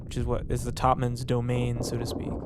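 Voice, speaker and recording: A man's voice: mid-range voice, monotone, a little fast. A young man casually commentating a puzzle game, thinking aloud with lots of fillers and restarts. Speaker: gameplay commentator. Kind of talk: casual let's play commentary. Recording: background noise under the voice.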